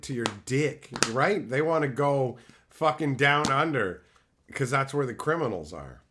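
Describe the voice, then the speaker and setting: A male livestreamer talks loosely to his chat, tossing out crude, swear-filled jokes as he goes. His voice sits at an ordinary mid pitch. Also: animated, a little slow, noisy background. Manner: crude, profane joking banter; riffs on viewer chat messages. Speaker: streamer.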